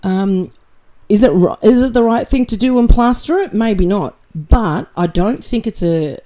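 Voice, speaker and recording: A woman's voice: medium pitch, expressive, unhurried, mellow. A woman hosting her channel, reading out viewer comments and answering them bluntly, with sarcasm and swearing. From Australia. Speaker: channel host reading chat.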